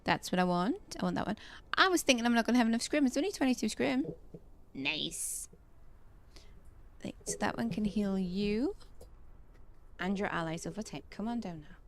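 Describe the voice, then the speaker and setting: A woman's voice: medium pitch, expressive, normal speed, pauses often, a little hiss or hum. A woman chatting casually while playing a game, telling indignant stories about work. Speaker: gamer.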